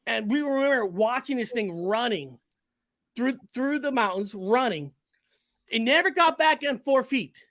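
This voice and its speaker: Animated, profane man telling a story. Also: very high voice, unhurried, dry recording. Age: 40s. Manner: animated, profane, restarts and self-corrections. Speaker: guest. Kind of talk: casual storytelling.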